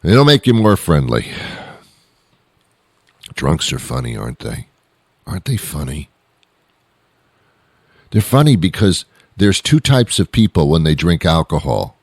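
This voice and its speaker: Man, comedic host, very low voice, lively pitch swings, rambling exasperated rant. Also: measured pace, long pauses, no room sound, studio quality. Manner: rambling, exasperated ranting with restarts. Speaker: radio show host. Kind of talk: comedic monologue.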